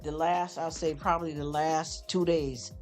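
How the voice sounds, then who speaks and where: A man hosts a laid-back live stream, speaking at a measured pace in a fairly high voice with little pitch movement. He addresses viewers directly as honey and y'all, rambling sincerely with frequent stammers and repetition, faint music underneath.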